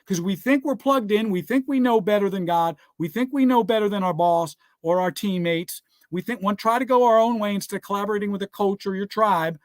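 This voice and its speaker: Speaking briskly in a high register with hardly any pauses, this man gives a scripture-laced business pep talk in an emphatic, preacher-like style. Rhetorical questions like "guess what?" and "all right?" come up again and again, along with urgings to write things down. The studio recording is clean and echo-free.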